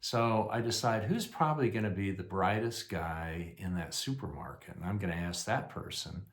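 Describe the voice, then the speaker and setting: A man's voice: low voice, moderate pace. An older man casually telling a rambling, self-deprecating personal story, full of fillers. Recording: echoey room.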